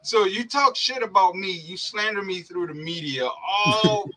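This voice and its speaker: A young man with a high voice co-hosts a casual sports podcast, talking a little slowly over background noise. He's heated and profane, ranting and laughing as he goes.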